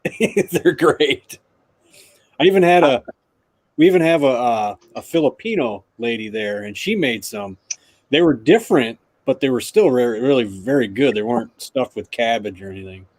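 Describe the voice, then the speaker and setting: A man's voice: medium pitch, lively intonation, normal speed, dry recording. A man chatting casually on a car live stream, joking and laughing often. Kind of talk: casual chat.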